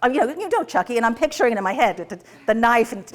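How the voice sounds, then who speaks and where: A woman teaching a tapping workshop, telling client stories to a live class, laughing often and acting out the dialogue in lively voices. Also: on the high side, racing.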